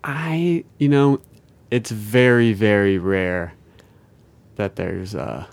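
Gravelly low-voiced man joking around. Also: slow. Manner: joking, playful asides. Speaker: podcast co-host. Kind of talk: casual comedic chat.

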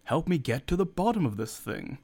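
A man's voice: a little high, big pitch swings, fairly quick, darkish tone, slightly rough, voice pushed up, full character voice. A man voicing a shaken male ship passenger who speaks in a raised, urgent way.

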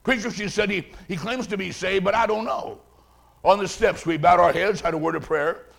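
A man preaching a sermon, telling a story dramatically and swinging from hushed tones to shouting. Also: high-pitched, normal speed, creaky.

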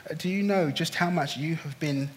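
Impassioned male preacher, fairly high voice. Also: normal speed, slight background noise. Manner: impassioned, swings from hushed to loud pleading. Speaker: pastor. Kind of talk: sermon.

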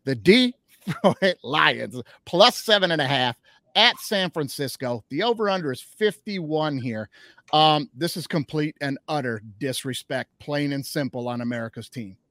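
A man hosting a sports podcast, talking up his team with loud, trash-talking fan energy. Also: a little high, moderate pace, no echo, clean studio sound. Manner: hyped, trash-talking Detroit Lions fan. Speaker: podcast host. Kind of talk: casual sports betting chat.

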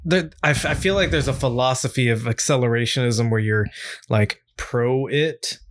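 A man's voice: medium pitch, moderate pace. A man cohosting a podcast in casual chat, dropping dry, joking remarks. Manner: dry, wisecracking.

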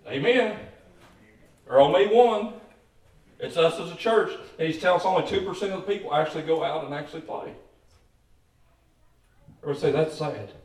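Male preacher, higher pitch, folksy storyteller, heavy hall echo, distant mic. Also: normal speed, long pauses. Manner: folksy storytelling with emphatic calls to the congregation. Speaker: pastor. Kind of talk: sermon.

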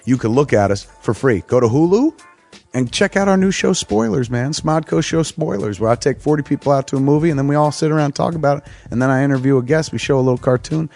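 A man's voice: mid-range voice, fast, creaky, few pauses, a little mellow, faint music behind. A middle-aged man casually reading promo spots for his own shows, loose, crude and joking. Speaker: podcast host reading promos.

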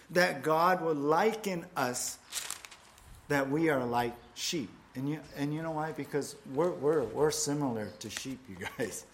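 Male pastor, slightly high voice, relaxed chatty sermon delivery with playful asides. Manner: conversational, with playful asides and fillers.

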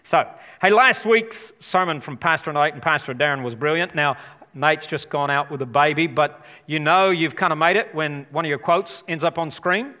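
A man's voice: on the high side, normal speed, bright, forceful tone. A man preaching a live church sermon, chatty and enthusiastic, rallying the congregation. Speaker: pastor. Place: large church auditorium. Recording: long hall reverb.

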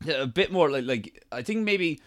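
A man with an Irish accent, co-hosting a casual podcast recap of a TV drama, animated and laughing often. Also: on the high side, normal speed, no echo, studio quality. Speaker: podcast co-host.

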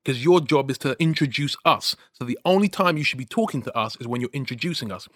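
A man's voice: mid-range voice, fast, no echo. Man telling a story, dry sound. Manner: animated storyteller, frequent "you know what I mean". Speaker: podcast co-host. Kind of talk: casual storytelling chat.

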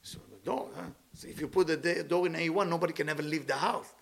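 A man giving a motivational spiritual talk in English with dropped words, playful and animated, stacking words in long repeated lists. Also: a little high, fast, gravelly. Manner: speaks non-native English with dropped words.

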